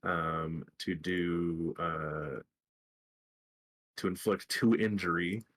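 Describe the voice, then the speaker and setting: A man playing a tabletop role-playing game and talking through his moves. His voice is very low. He speaks hesitantly, with pauses and restarts as he thinks aloud. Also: fairly bright tone. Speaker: player.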